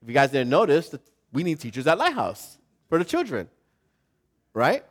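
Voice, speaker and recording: An older man preaches a sermon in a loose, conversational style, with a voice sitting a touch higher than most men's. He moves between soft, reflective asides and loud, emphatic passages. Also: huge pitch swings, moderate pace. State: emotional and choked up at times. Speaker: pastor.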